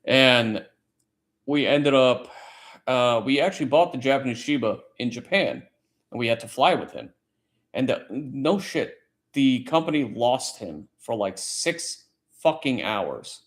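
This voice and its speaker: A man's voice: mid-range voice, sing-song, a little slow. A man hosting a casual late-night chat stream, telling a long story in a rambling, profane way. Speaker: livestream host; military service member.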